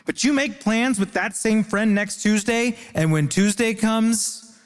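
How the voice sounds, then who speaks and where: Wry high-voiced male comedian. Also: measured pace, long reverb tail. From Ontario. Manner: wry, deadpan punchlines. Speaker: comedian, debater. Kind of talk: stand-up comedy.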